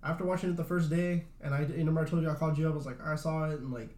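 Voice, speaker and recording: A young man talks fast in a loose, rambling way, full of fillers and swearing. His voice sits a little high. The room adds a noticeable echo. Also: fairly even intonation, darkish tone. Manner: rambling, swears a lot, says "like" often. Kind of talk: casual chat. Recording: roomy echo.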